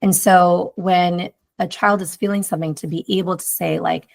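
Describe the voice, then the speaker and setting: Low, gravelly-voiced woman chatting. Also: steady tone, normal speed, hardly any pauses. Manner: rambling, heavy use of "like", reflective. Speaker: podcast guest, mother. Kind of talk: casual conversation.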